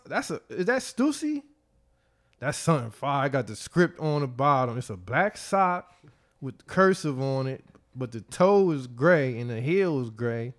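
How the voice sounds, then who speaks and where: Middle-aged male podcast host; animated, profane storyteller with a lively, slightly high voice. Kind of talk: casual chat.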